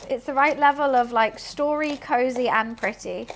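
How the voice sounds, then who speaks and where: British woman, young, cooking stream, deadpan chat, higher voice. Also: normal speed. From United Kingdom. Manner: chatty, deadpan-sounding, reads and answers chat while cooking.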